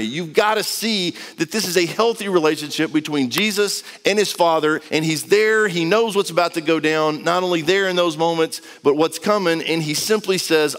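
A man's voice: on the high side, normal speed, few pauses, a bit bright, in a large hall. A man preaching a sermon in a casual, conversational way, acting out quotes as he reads and explains scripture. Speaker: pastor.

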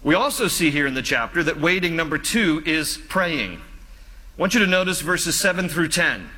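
A male pastor preaching a sermon in an earnest, pleading way, slowing down and dropping softer on key phrases. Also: on the high side, animated, in a large hall.

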